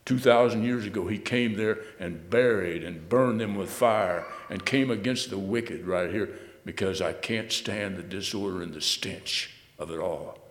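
A man preaching a sermon, reading scripture aloud and then expounding it, swinging between loud emphatic bursts and low, quiet asides. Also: unhurried, big-room sound.

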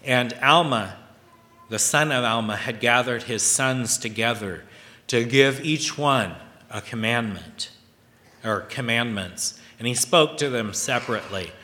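A man preaching a scripture sermon, slow and halting, reading verses aloud between his own remarks. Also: medium pitch, sharp tone. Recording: long hall reverb.

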